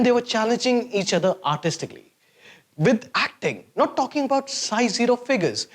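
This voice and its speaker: A man's voice: sits high, fairly bright tone. A man hosting a sarcastic, mocking comedy rant to camera. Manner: sarcastic, mocking, exaggerated swings of voice. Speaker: host.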